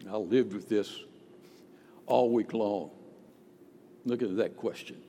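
A man's voice: on the low side, slow pace, mellow, slight background noise. A male pastor preaching a sermon with emphatic rhetorical questions. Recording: long hall reverb.

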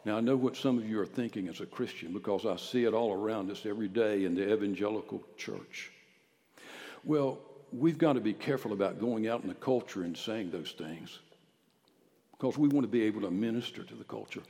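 A male pastor preaching a sermon, swinging from loud, ringing declarations down to hushed near-whispers. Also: on the low side, a little fast, long reverb tail. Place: church sanctuary.

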